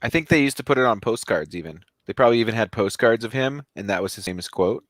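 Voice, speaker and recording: A man's voice: lowish voice, lively intonation, quick pace, no room sound. A man co-hosting a podcast, telling a strange story in a jokey, casual way. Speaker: podcast co-host.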